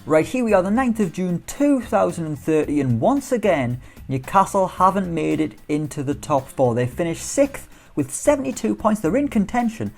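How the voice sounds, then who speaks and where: Man, animated pitch, upbeat football game commentary, soft music underneath. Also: normal speed, creaky, hardly any pauses. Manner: chatty, upbeat, rhetorical questions. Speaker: gaming YouTuber.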